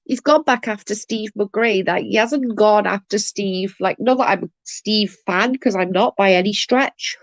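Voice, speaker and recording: A woman's voice: mid-range voice, unhurried, hardly any pauses, no echo. Chatty woman live-streaming. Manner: chatty, reads and answers chat messages; blunt, swears when annoyed. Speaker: livestream host. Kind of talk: casual live-stream chat.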